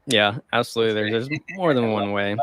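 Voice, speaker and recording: A man's voice: lowish voice, fairly quick, fairly bright tone, no room sound. Chuckling man co-hosting, dry sound. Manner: chuckles often, loose and rambling with fillers. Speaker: podcast co-host. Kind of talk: casual chat about the stock market.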